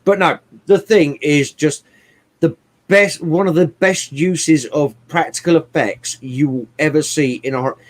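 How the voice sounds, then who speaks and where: A man chatting casually about films, animated and swearing often, with bursts of mimicry. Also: fairly high pitch, a little slow. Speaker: podcast co-host. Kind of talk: casual movie chat.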